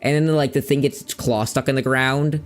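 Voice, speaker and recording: A young man streams a game and chats casually, rambling, searching for words and using loose slang. His mid-range voice is steady in tone and brisk.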